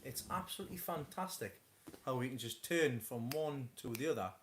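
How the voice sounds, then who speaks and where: A man's voice: medium pitch, lively intonation, fairly quick, a little hiss or hum. Rambling man chatting at home. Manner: rambling, stammering restarts, chuckling. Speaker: host of a live stream. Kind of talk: casual chat.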